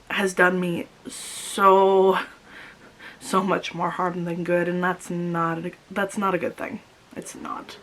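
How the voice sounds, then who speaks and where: A young woman vlogging about her grief, speaking while crying, halting and repeating herself. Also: lowish voice, rough recording. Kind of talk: personal confessional vlog.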